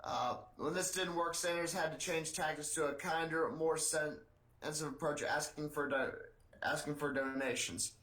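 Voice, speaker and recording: A man with a fairly high voice co-hosts a casual podcast, reading out satirical news pieces with a dry, deadpan delivery. His voice sounds echoey, as if bouncing off the walls of a bare room. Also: normal speed. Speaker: podcast co-host.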